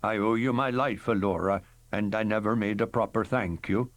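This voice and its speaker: A man's voice: on the low side, steady tone, normal speed, no room sound, lightly acted. A man voicing a male companion who speaks earnestly, with a wry touch.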